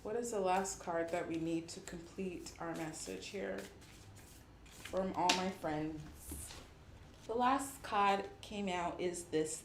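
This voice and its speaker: A woman's voice: fairly low pitch, slow pace, slight background noise. Upbeat woman reading tarot, roomy echo. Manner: upbeat and affirming, reads card meanings aloud. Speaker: tarot reader. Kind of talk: casual tarot reading for viewers.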